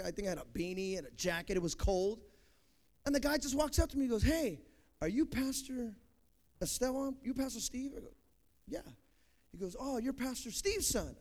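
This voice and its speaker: Young male pastor, very high-pitched, preaching with emphatic swells and soft asides. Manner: preaching, rising to loud emphatic peaks then dropping soft. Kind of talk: sermon.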